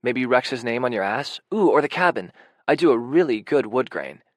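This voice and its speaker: A man's voice: mid-range voice, expressive, moderate pace, no echo, studio quality, close to an everyday voice. A man reading an audiobook, voicing a playful, bold young woman who teases her friend. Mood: mischievous. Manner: teasing, brassy.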